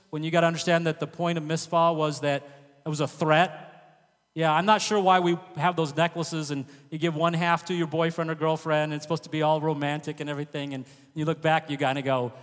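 High-voiced preacher in a reverberant hall. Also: male voice, fairly bright tone. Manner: conversational asides between reading, occasional fillers and restarts. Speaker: pastor. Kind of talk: sermon with scripture reading.

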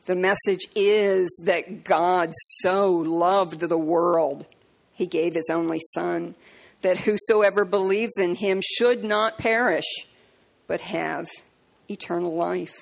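A woman preaching a sermon, telling stories and acting out conversations in a raised voice, slowing down to stress key words. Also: gravelly. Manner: acts out dialogue in a high voice, slows for emphasis. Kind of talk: sermon with storytelling.

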